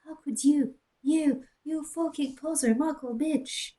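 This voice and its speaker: A woman voicing an enraged teenage boy vampire wizard who shouts in hurt anger, into a headset mic. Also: sits high, slow, distant mic, voice pushed up. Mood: angry, shouting. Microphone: cheap gaming headset.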